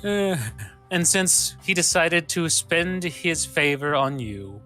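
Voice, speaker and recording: A man voicing a cheery but uncaring woman who keeps a deal, talking briskly and dismissively. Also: on the high side, lively intonation, sharp tone, soft background music, voice pushed up, full character voice. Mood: matter-of-fact.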